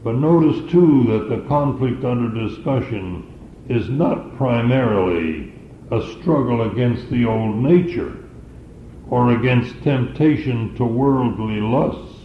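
A man preaching a sermon, teaching scripture in a slow, deliberate way. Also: medium pitch, lively intonation, reverberant, dull audio, slight background noise.

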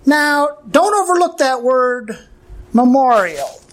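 Hoarse woman preaching slowly, raised pitch. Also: big pitch swings. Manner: emphatic, with frequent rhetorical questions. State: hoarse, clearing throat often. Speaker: pastor. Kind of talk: Bible-teaching sermon.

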